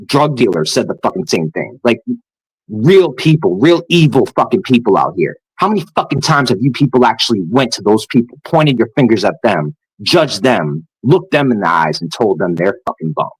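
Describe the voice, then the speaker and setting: A man's voice: mid-range voice, husky, dry recording, low-quality recording. A man ranting angrily and profanely to his viewers in a scornful vlog tirade. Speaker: vlogger. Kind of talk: angry rant to camera.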